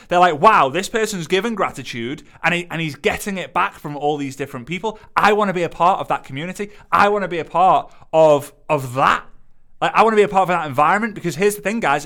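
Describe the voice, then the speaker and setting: A man, coaching an audience in an energetic, emphatic way and repeating phrases for effect. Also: fairly high pitch. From Liverpool, England. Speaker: business coach. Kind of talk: motivational teaching to camera.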